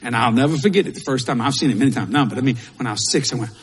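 A man's voice: mid-range voice, rapid-fire, slight background noise. A male pastor, preaching a sermon in a folksy, repetitive way with Southern turns of phrase. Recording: long hall reverb.

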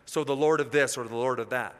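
Animated preacher man in an echoey hall. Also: medium pitch, quick pace, smooth. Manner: storytelling, animated, acts out the figures' lines. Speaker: pastor. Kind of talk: sermon.

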